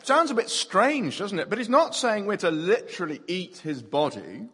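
A man's voice: high voice, big pitch swings, normal speed, fairly bright tone, breathy edge. A man preaching a playful sermon to a family audience, using props and repeating words as he talks. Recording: long hall reverb.

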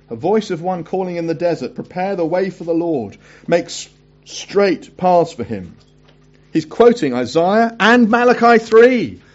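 A man preaching a sermon, reading scripture aloud and breaking off for chatty asides and quick self-corrections. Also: on the high side, a little mellow, highs cut off.

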